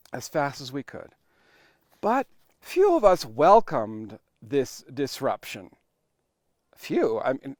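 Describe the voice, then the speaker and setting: A male pastor preaching a sermon, telling it like a story with dramatic pauses and sudden shifts between loud emphasis and hushed, quiet lines. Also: mid-range voice, no echo, clean studio sound. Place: church online worship recording.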